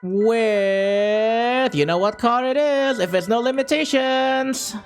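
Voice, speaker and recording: A man's voice: very high-pitched, slow, soft background music. A man casually chatting to his chat while playing a racing game on a stream, jokey and a bit profane.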